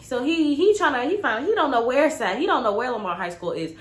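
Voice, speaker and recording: A woman's voice: sits high, animated, quick pace. Slangy woman telling a story in a roomy space. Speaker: vlogger. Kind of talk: casual storytime. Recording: roomy with faint ambience.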